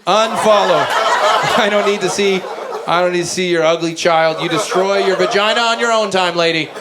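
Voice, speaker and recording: A man's voice: sits high, fairly even intonation, brisk, background noise. A man doing brash, crude stand-up comedy and improvised songs with the crowd at a live venue.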